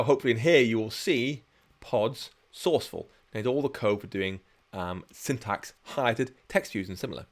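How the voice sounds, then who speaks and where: A man's voice: lowish voice, fairly bright tone. A man teaching programming on a live stream, chatting and explaining each step as he works. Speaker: programming instructor. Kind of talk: live-streamed coding tutorial.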